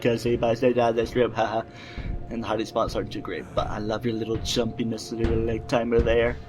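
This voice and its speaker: A man's voice: medium pitch, poor audio. Guy doing let's play commentary, jokey and rambly, game music going behind him. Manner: joking, rambling self-talk while playing.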